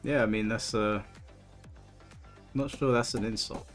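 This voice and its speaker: Relaxed man in his thirties, gaming stream chat, halting repeated words, loud game music behind. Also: lowish voice. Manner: laid-back, reads chat aloud, stumbles and repeats words.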